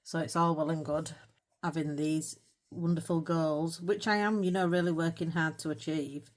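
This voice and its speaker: This middle-aged British woman, host of a colouring channel, talks casually as she colours. Her voice is low, her intonation fairly even and her pace moderate, and she rambles, mocks herself and laughs softly between thoughts.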